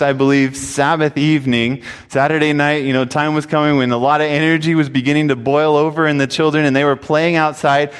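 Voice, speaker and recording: A man's voice: a little high, fairly bright tone. Earnest male pastor in a reverberant hall. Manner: earnest storytelling, reads scripture aloud. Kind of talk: sermon.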